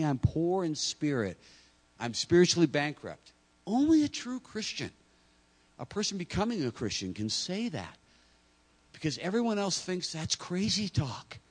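A man's voice: fairly high pitch, husky. A man preaching a sermon, talking to the congregation directly and acting out imagined speakers. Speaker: pastor.

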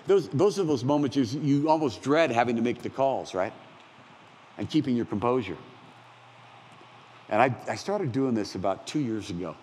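A pastor in his sixties preaching a conversational, animated sermon with self-deprecating asides. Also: on the high side. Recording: long hall reverb, faint ambience.

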